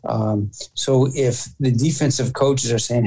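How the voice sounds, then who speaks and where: A man, a football coach, answering interview questions in a halting way, restarting and repeating words often. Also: medium pitch, steady tone, warm tone, husky, rough recording.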